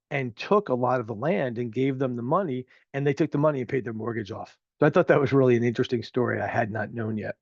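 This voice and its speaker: A man's voice: mid-range voice, no room sound, lo-fi sound. A man in his fifties from New Jersey hosting a local talk show, giving opinionated commentary in a chatty, rambling way with plenty of filler words. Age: 50s. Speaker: show host.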